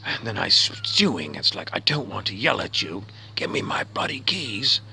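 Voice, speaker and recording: A man performs a grumbling middle-aged outback husband. His voice is low and gravelly but bright and forceful, and it swings widely in pitch as he rambles, questions himself and sinks into a mutter. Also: sing-song, fairly quick, a little hiss or hum, exaggerated voice. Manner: rambling, self-questioning, drops to a muttering whisper. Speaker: comedian. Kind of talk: comic character monologue.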